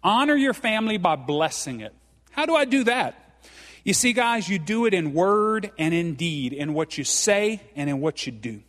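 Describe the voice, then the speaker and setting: A middle-aged pastor preaches a folksy sermon in a church sanctuary, often checking in with "okay?" and addressing the congregation as "guys." His voice sits high and is sing-song and a bit bright at a moderate pace, with long hall reverb on the recording.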